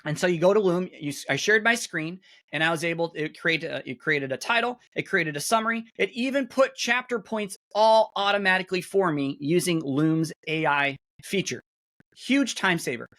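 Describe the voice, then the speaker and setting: A middle-aged man, a webinar guest speaker, casually walking through software on a shared screen, chatty and full of fillers and restarts, talking into a computer mic on a video call. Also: on the high side, moderate pace. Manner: chatty, self-interrupting, many fillers.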